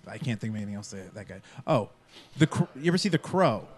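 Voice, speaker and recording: A man with a middle-pitched voice that rises and falls a lot as he jokes around with friends. He comes across self-conscious and quick with asides in the loose banter. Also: big pitch swings, soft background music.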